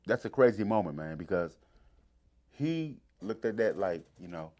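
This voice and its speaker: A man's voice: low-pitched, normal speed. A man with a D.C. telling a long story in casual talk, acting out the voices of the people in it. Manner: animated, acts out voices in his stories.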